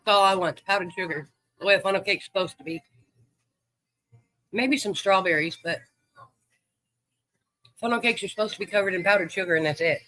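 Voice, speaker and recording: High bright man chatting live. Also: fairly quick, long pauses, poor audio. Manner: easygoing, rambling, greets viewers by name. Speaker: livestream host. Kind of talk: casual chat with viewers.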